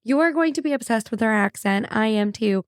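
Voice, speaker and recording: A woman hosting a podcast, introducing her guest with excitable, gushing chat and calling her listeners y'all. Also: on the high side, brisk, clear, resonant tone, no echo, studio quality. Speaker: podcast host. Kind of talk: casual chat.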